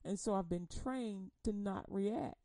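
A woman preaching a humorous sermon, telling animated stories, laughing often and acting out quotes in casual slang. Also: mid-range voice, a little slow, no echo.

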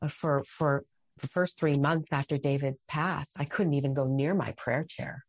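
A woman's voice: sits low, fairly even intonation, normal speed, dry recording. A middle-aged woman talking as a podcast guest, earnest and heartfelt, often restarting her sentences. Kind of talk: conversational interview.

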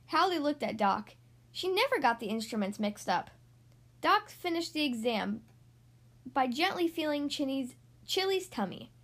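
A woman hosting a podcast, reading a picture book aloud to young kids in a gentle, friendly way. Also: high voice, big pitch swings, a little slow. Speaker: children's book reader, podcast host.

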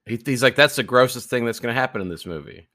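A man with a lively, animated voice at a middle pitch. He co-hosts a podcast in a loose, casual way, cracking jokes and dropping asides as he talks through a movie. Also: quick pace. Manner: wisecracking, throws in jokes and asides. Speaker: podcast co-host. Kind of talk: casual movie-review chat.

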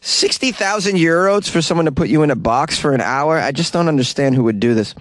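A man riffing on odd news stories in a sarcastic, joking tone, with mid-pitched speech. The sound is dry and close, with no room around it. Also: expressive, a little fast, no room sound. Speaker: host. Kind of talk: comedic news commentary. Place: Los Angeles.

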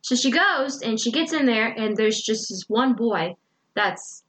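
A woman's voice: fairly high pitch, a little slow, low-quality recording. A young woman co-hosting a book podcast, retelling the story in casual chat and acting out the characters' lines. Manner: animated storytelling with acted quotes and laughter.

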